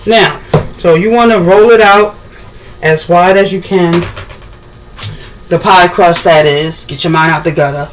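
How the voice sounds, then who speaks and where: A woman chatting casually while demonstrating a recipe in her home kitchen, rambling, with sudden excited bursts. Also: lowish voice, a little slow, long pauses, slight background noise. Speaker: cooking vlogger.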